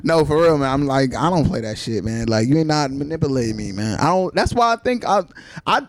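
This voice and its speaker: A man chatting casually on a podcast, slangy and animated, acting out quotes as he tells stories. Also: a little high, a little fast. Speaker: podcast host. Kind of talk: casual chat.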